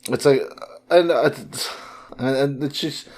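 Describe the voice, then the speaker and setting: A man's voice: medium pitch, measured pace. A young man in casual podcast chat, recapping a story and acting out the lines, swearing now and then. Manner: animated, recaps scenes by acting out quotes. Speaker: podcast co-host, first-time reader.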